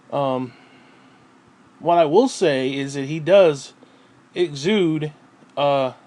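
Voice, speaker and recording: A man ranting casually at home, profane and rambling, often clearing his throat and short of breath. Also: fairly high pitch, darkish tone. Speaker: vlogger.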